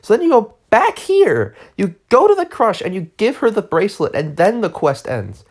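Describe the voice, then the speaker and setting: A woman's voice: medium pitch, very animated, moderate pace, a little mellow. A woman giving casual, exasperated game commentary, rambling and sarcastic as she walks through a side quest. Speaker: gaming video creator.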